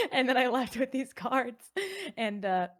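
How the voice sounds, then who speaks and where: Woman, casual voice chat, teasing and crude, raised pitch, laughs easily. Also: wildly swooping pitch, takes it slowly. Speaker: streamer in voice chat.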